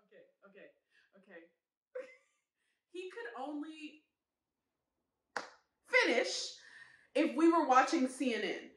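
Young woman vlogger, high lively voice, candid storyteller, echoey room. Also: takes it slowly, long pauses. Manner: candid, animated storytelling with frequent laughs. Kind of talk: casual storytelling vlog.

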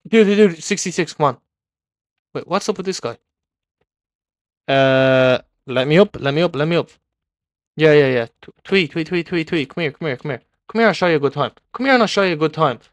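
A young man commenting live on his own gameplay, excitable and repeating words in bursts as he taunts other players. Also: on the high side, brisk, long pauses, no echo, clean studio sound. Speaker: gaming video creator.

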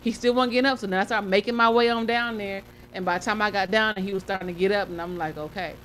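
Woman cohost chatting easy, laughs a lot, mid pitch, faint noise behind. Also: fast. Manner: relaxed, laughs while telling stories. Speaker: podcast co-host; mother of a football player. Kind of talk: casual chat.

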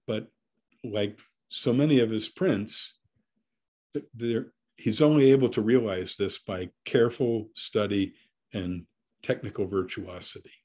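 A middle-aged man giving an art lecture as a curator, speaking thoughtfully with pauses and fillers. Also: fairly low pitch, warm tone.

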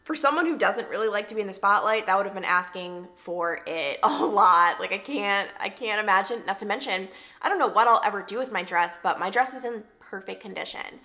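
A young woman from Long Island, New York, chatting casually to camera in a vlog, her voice worn hoarse, full of "like" fillers. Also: mid-range voice, expressive, brisk, sharp tone. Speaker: lifestyle vlogger. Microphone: camera mic, sitting at camera.

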